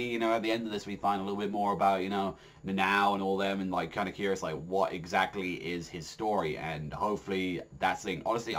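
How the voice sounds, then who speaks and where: A man giving a casual spoken manga chapter review. He rambles with lots of fillers, swears freely and gets excitable. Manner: excitable, jumps in pitch when enthused.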